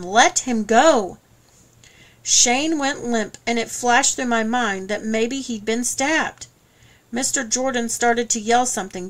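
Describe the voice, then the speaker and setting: A woman reading an audiobook in first person, steady and measured. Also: fairly high pitch. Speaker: audiobook narrator. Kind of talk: scripted first-person narration.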